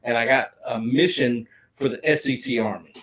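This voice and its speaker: A man's voice: mid-range voice, fairly even intonation, moderate pace, a bit bright, low-quality recording. A middle-aged man, chatting casually on a livestream and greeting viewers by name. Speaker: livestream co-host.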